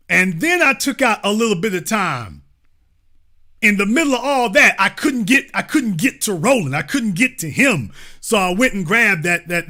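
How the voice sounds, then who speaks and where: A man with a high, sharp voice hosts his own political commentary show. His animated monologue is emphatic and mocking, and he repeats lines for effect.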